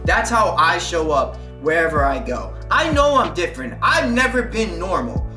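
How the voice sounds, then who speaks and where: A man's voice: high voice, very animated, normal speed, pushed and bright. Profane, emphatic male coach in an echoey room. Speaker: weight-loss coach. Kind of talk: motivational monologue. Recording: echoey room, mic at a distance, faint guitar music.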